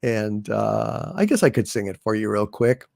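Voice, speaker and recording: A gravelly, lowish, darkish voice comes through clean studio sound with no echo. The man is hosting a casual livestream, slowly reading viewers' messages aloud and hailing and thanking them by name in a drawn-out delivery.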